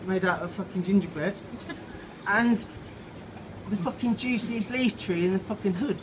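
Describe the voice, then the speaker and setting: Brief: high-voiced man telling a story off the cuff, loose and cursing, noisy outdoor background. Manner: sweary, laughing, loose. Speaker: author reading his story. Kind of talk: tipsy improvised storytelling. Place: outside a pub. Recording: loud outdoor background noise.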